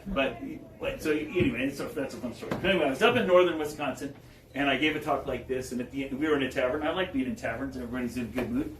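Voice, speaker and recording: A man giving a public talk, telling stories in an animated way and chuckling as he goes. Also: mid-range voice, rapid-fire. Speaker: guest speaker. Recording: echoey room, distant mic, faint background noise.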